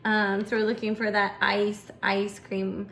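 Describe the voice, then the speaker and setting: A woman's voice: mid-range voice, monotone, a little slow, fairly bright tone, a little hiss or hum. A young woman, a preschool teacher, chatting casually and encouragingly to parents with lots of fillers.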